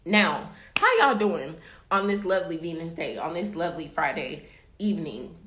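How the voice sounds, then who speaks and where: A woman's voice: lowish voice, big pitch swings, normal speed, a bit bright. Sassy woman in a roomy room. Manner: sassy, emphatic, calls viewers baby and y'all. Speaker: tarot reader hosting a livestream. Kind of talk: casual motivational chat to live viewers. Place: room at home. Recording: roomy echo.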